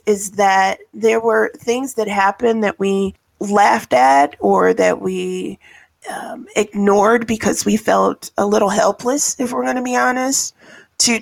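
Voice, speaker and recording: A woman talking in a relaxed podcast conversation, her voice heavy with creaky fry. She tells stories at an easy pace, stopping often to think. Her pitch sits in a middle range. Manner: storytelling, thoughtful, with frequent ums. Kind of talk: casual discussion.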